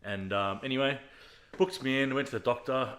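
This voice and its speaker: A man's voice: mid-range voice, a bit bright. A young man, a podcast guest telling a personal story in casual, profane chat. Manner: swears freely, fast storytelling with acted quotes.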